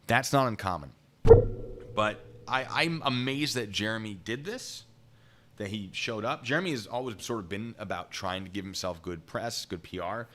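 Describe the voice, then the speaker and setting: Excitable low-voiced man on a stream. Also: normal speed, a little hiss or hum. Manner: excitable, animated, rambling. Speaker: live streamer. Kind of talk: casual storytelling on a live stream.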